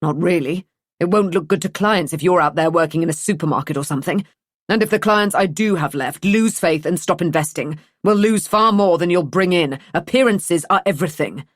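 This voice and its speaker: A woman reading an audiobook, voicing a sharp, controlling husband who speaks curtly and with sarcasm. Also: on the low side, fairly quick, no room sound, clean studio sound, close to an everyday voice. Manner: curt, sarcastic, snapping.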